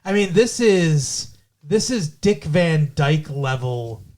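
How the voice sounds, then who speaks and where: A man's voice: a little high, expressive, slow, darkish tone. A man co-hosting a podcast in casual chat, rambling and swearing, often stopping to restart his point. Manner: rambling, profane, self-interrupting. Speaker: podcast co-host.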